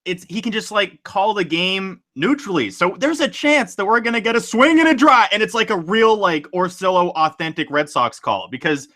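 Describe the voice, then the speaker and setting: Bright-voiced excitable young man. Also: high voice, normal speed, few pauses. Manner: excitable, rambling, laughs easily. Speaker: podcast host. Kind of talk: casual sports chat.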